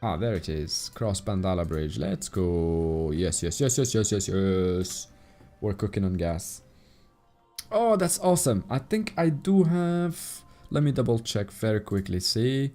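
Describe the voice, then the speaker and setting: A man with a non-native English accent streams a game, his voice warm and mellow. He chats in a relaxed, easy way and reads out and thanks his viewers in chat. Soft game music plays faintly behind him. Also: lowish voice, measured pace. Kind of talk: casual live-stream commentary while playing.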